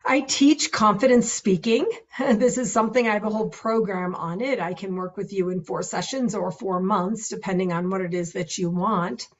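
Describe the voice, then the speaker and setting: A woman's voice: medium pitch, normal speed, lo-fi sound. A middle-aged woman coach talking about confidence and voice in a casual, earnest and enthusiastic way, laughing often. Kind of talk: casual self-recorded advice talk.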